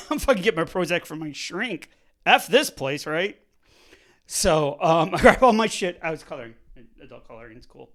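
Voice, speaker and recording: Male vlogger, casual personal storytelling, animated and profane, very lively pitch range. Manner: animated, swearing, swings loud and soft, laughs often.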